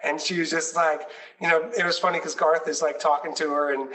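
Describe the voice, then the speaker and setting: A man's voice: a little high, little pitch movement, brisk, a bit bright, far from the mic, poor audio. A man leading a nonprofit, telling stories with enthusiasm and many fillers in a conversational chat. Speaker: nonprofit leader.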